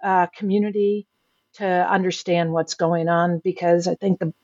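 Woman explaining slow and careful, low-ish voice, dull dry lo-fi audio. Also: steady tone, darkish tone, no echo. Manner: deliberate, explanatory, with fillers. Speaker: book co-author. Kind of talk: interview answer.

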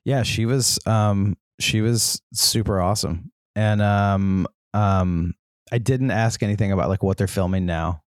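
Rambling man, low voice. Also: unhurried, no echo, clean studio sound. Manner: rambling storytelling with many ums. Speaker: podcast co-host. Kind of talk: casual chat.

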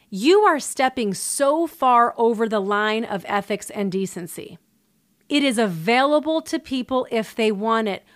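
A woman giving opinion commentary in a sarcastic, indignant way. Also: on the high side.

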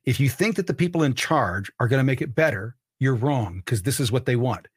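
A man's voice: mid-range voice, animated, a little fast, husky, no room sound, clean studio sound. A man hosting his own podcast, delivering an emphatic political monologue and repeating points for emphasis. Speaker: podcast host.

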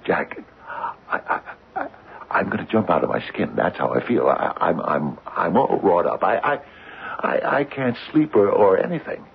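A stammering, gravelly old father. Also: sits low, expressive, a little hiss or hum. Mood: anxious. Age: older. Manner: stammering, halting, repeats words. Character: anxious aging widowed businessman, restless and lost. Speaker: father and retired company founder. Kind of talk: 1950s radio drama acting. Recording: narrow phone-like old radio recording.

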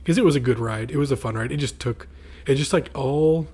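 Husky, rambling podcast co-host man. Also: medium pitch, a little fast, darkish tone. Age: adult, married. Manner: rambling, many fillers and restarts. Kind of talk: casual chat.

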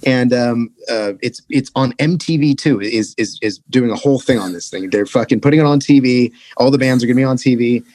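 Fast-talking profane man telling a story. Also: no echo. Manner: animated, profane, acts out quotes in a higher voice. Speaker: podcast guest, touring musician. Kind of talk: casual storytelling.

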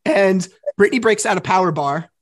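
A woman's voice: medium pitch, brisk, no room sound, studio quality. A woman hosting a podcast, talking casually and animatedly, swearing freely as she recounts events. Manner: animated, swears freely, acts out arguments in quotes. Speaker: podcast host. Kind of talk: casual recap conversation.

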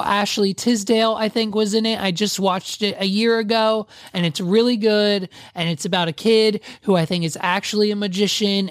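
A man's voice: high voice, no echo, studio quality. A young man, a wedding DJ, casually telling a long story in a rambling way full of fillers and asides. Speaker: podcast host and wedding DJ.

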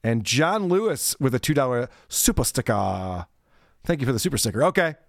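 A man's voice: mid-range voice, sing-song, brisk, vocal fry, no echo, clean studio sound. A man co-hosting a comedy podcast, sarcastic and laughing as he reacts to clips and reads viewer messages. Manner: sarcastic, laughs often, reads super chats. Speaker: podcast co-host. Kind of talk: casual commentary podcast.

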